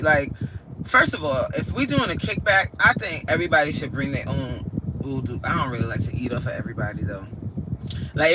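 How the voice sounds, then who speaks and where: A woman from New York hosting a live stream from her car, chatting casually in slangy talk and laughing often. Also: lowish voice. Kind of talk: casual chat while driving. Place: inside a car in snowy weather. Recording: loud car road noise. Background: vehicle engine and road noise.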